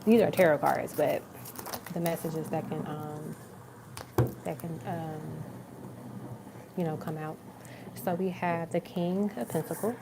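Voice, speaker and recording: A woman's voice: low-pitched, fairly even intonation, a little slow, vocal fry, long pauses, background noise. A young adult woman giving a live tarot reading, talking in a casual, chatty way with lots of fillers and laughs. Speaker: tarot reader.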